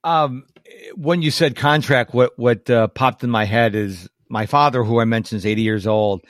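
A man hosting a podcast, telling family stories in a casual, animated way. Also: mid-range voice, moderate pace, no room sound, clean studio sound. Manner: animated storyteller, quotes family members in lively voices. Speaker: podcast host.

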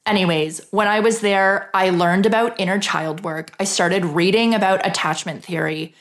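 A woman's voice: mid-range voice, fairly even intonation, moderate pace. Frank, chatty woman. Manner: chatty and frank, swears freely, frequent "like" fillers. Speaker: podcast host. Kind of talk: casual personal storytelling.

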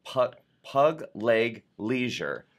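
A man's voice: medium pitch, sing-song, very slow, slight background noise. A man hosting a casual live talk show, chatting loosely and reading viewer postcards aloud.

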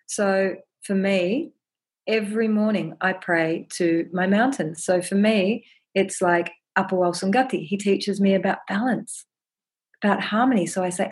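A woman speaking as a podcast guest, sharing her practice in a gentle, earnest, reflective way and often repeating words as she thinks. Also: mid-range voice, moderate pace, husky. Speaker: podcast guest, ceremony holder.

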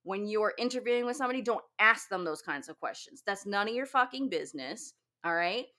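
A woman's voice: medium pitch, lively intonation, a little fast, bright, forceful tone. A woman who owns a wedding business, giving blunt, profane advice in a casual talk.

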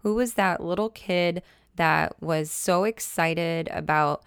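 A woman's voice: fairly low pitch, slow, a bit bright, clear, resonant tone, no echo. A woman hosting a wellness podcast and coaching, talking in an enthusiastic, chatty, emphatic way into a close mic. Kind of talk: casual solo podcast talk.

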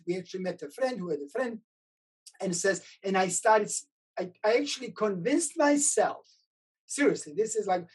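A woman's voice: mid-range voice, breathy edge. A woman from Bosnia, hosting an interview in a hesitant, chatty way full of fillers. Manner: hesitant, with many fillers and restarts. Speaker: interviewer, host. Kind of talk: conversational interview.

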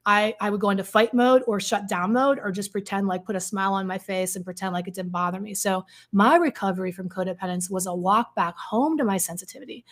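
A woman's voice: mid-range voice, brisk, few pauses. A woman coach speaking frankly and earnestly, telling a personal story with many fillers and restarts. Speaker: codependency coach.

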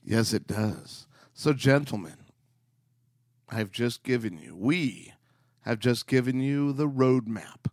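A man with a middle-pitched voice tells a story to his wife in a playful, joking way. The recording is dry and close, with no room echo. He sounds at ease, like a podcast co-host. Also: slow, darkish tone. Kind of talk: casual chat with his wife.

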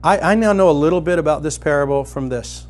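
Speaking fast with a fairly high pitch, a middle-aged pastor delivers a sermon built around a personal story that escalates into loud, excited emphasis.

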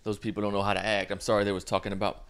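A man voicing a laid-back young man who talks in a low-key, mumbled way. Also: flat delivery, racing, fairly bright tone, smooth.

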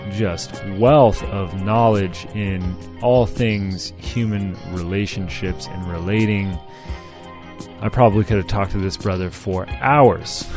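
Laid-back male podcast host, lowish voice. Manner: relaxed, chatty, with frequent fillers. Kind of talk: casual podcast interview.

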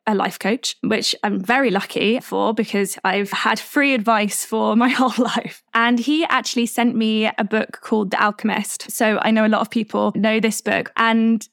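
A woman in her twenties hosting a podcast, telling a personal story in a candid, reflective, unhurried way. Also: medium pitch, creaky, smooth, no room sound, clean studio sound. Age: 20s. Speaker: podcast host.

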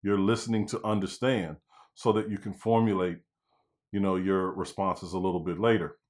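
A man's voice: low-pitched, level tone, moderate pace, darkish tone. A man giving a casual spoken lesson on negotiating with sellers, often adding "you know" and "right?". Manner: conversational, many "you know" and "right?" fillers. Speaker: real estate negotiation coach. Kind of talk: casual instructional talk.

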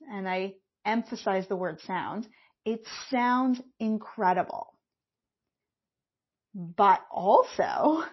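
A middle-aged woman hosting a solo podcast, talking in a candid, animated way and swearing casually. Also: on the high side, husky, lo-fi sound. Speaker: podcast host.

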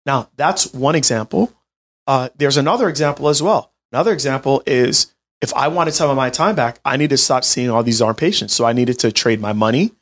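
A man in his late twenties telling a personal story in an animated, chatty way, talking straight to his listeners. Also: mid-range voice. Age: 20s. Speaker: healthcare business owner. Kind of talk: storytelling monologue to an audience.

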